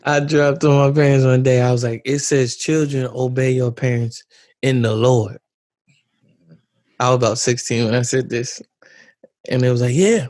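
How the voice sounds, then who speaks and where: A man's voice: mid-range voice, little pitch movement, normal speed, pauses often, a little mellow, no room sound. Man telling stories on a podcast. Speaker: podcast co-host. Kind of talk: casual chat.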